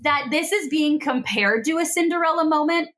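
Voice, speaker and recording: A woman co-hosting a podcast in casual chat, animated and swearing freely as she recaps a film. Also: sits high, normal speed, a little hiss or hum. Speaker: podcast co-host.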